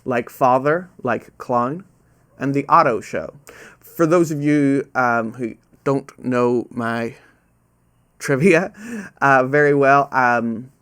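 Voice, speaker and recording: A man hosting a live online trivia quiz from home over a webcam, casual and self-deprecating, repeating each question slowly, with trouble saying "ow" sounds. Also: medium pitch, fairly bright tone. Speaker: quizmaster.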